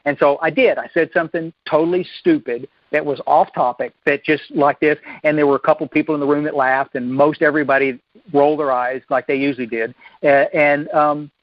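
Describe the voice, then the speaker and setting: A man's voice: fairly high pitch, steady tone, no room sound. Folksy man telling his recovery story. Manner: folksy, self-deprecating, halting with restarts. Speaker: recovery speaker. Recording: dull lo-fi dry recording.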